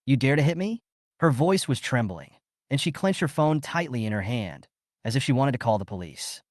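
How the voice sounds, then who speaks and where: A man narrating a recap story in a steady, scripted storytelling voice. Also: medium pitch, moderate pace, no echo, clean studio sound.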